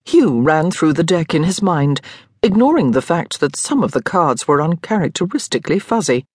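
A woman narrating an audiobook with expressive, lively storytelling. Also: low-pitched, normal speed, slightly rough, no echo, studio quality. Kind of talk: scripted narration.

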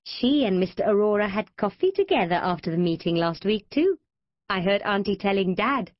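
A woman's voice: medium pitch, sing-song, normal speed, no echo, dull audio, lightly acted. A woman voicing Gina, a lofty, bossy teenage girl, in a haughty, prim manner.

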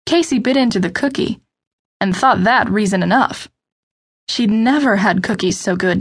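A woman narrating an unabridged novel audiobook in a steady, measured storytelling voice. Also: mid-range voice, husky. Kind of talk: scripted narration.

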